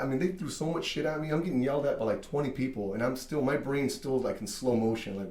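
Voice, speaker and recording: Animated, cussing barbershop owner, roomy sound. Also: male voice, mid-range voice, fast talker, hardly any pauses. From Mexican-American from Southern California. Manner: animated, swears freely, many fillers. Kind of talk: casual storytelling.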